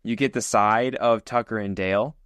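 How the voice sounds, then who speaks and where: A man co-hosting a podcast, telling a story with lively, acted-out energy. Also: on the low side, normal speed, clean tone, dry recording. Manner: animated storyteller, acts out scenes. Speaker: podcast co-host. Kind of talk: casual podcast chat.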